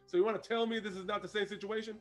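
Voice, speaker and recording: A man with a high voice co-hosts a casual review podcast. He recounts events in an animated way and laughs often, with faint music playing behind him. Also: rapid-fire. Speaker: podcast co-host. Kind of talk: casual chat reviewing a wrestling show.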